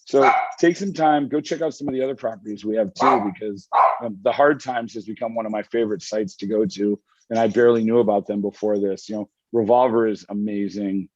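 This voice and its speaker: A man's voice: lowish voice, a little fast, darkish tone, dull audio. A man as an interview guest, talking casually from home and rambling enthusiastically with frequent restarts. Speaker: magazine editor guest. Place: home with dog and wife nearby.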